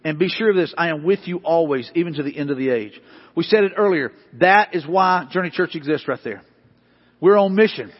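A male pastor preaching a sermon, repeating questions emphatically and building to loud, rising bursts. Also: fairly high pitch, animated, a little fast. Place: church sanctuary. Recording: dull lo-fi hall recording.

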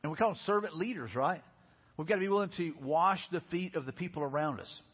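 A male pastor rattles through his sermon at a quick clip, his voice pitched a little high and edged with huskiness. He keeps the tone chatty and informal, and the sound carries a long church-hall reverb through a dull, lo-fi recording. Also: breathy edge. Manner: casual, conversational preaching with lots of "hey, listen" and "you know".

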